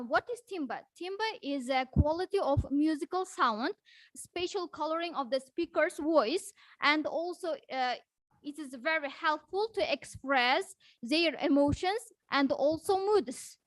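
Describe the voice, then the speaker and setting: A woman's voice: high voice, dry recording, rough recording. A woman teacher with an Uzbek accent gives a prepared presentation in English, reading definitions with frequent hesitations.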